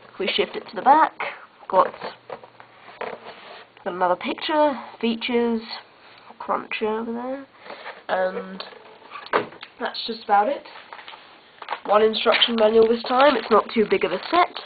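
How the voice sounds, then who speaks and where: A woman chats through a toy review in a relaxed, offhand way. Her voice sits at a middle pitch. The sound comes through a tinny, narrow built-in camera mic. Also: noisy background. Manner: chatty and offhand.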